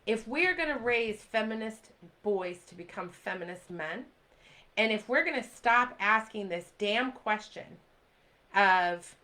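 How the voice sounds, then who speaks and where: This livestream host, a woman in her forties, delivers an impassioned plea straight to camera, answering viewer comments as they come in and repeating lines to drive points home. She has a mid-range, bright, somewhat strained voice with lively intonation, speaking a little slowly over poor audio.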